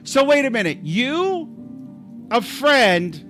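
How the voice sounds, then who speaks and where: A high, lively male voice that swings up and down as he tells a story to his live chat. He rambles and cuts himself off mid-sentence, and his tone is bright, with faint music playing underneath. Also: slow pace. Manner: rambling, animated, self-interrupting. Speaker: livestream host.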